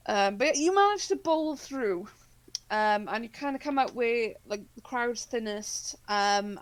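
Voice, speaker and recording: A woman's voice: mid-range voice, rough recording. Rambling woman running a horror game. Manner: rambling, filler-heavy narration. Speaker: game master. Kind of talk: narrating a tabletop horror game.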